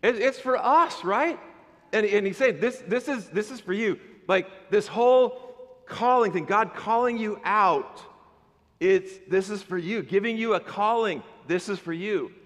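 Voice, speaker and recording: A man delivers an animated sermon as pastor, his voice pitched high for a man. He slips into chatty, playful asides to the congregation. The sound carries the long reverb of a church hall. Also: unhurried. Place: church sanctuary.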